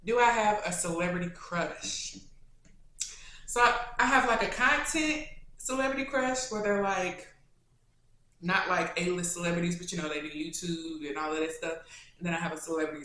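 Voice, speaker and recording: A woman with a Kentucky accent, answering viewer questions in a casual, animated, slangy chat. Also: on the low side, normal speed, long pauses. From Louisville, Kentucky. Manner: chatty and animated, with slangy asides. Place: indoors, sit-down video setup. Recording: very echoey room.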